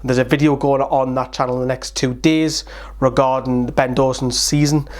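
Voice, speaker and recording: A man's voice: mid-range voice, level tone, moderate pace, darkish tone. A young man hosting a fan channel, chatting casually through a rambling update while tired.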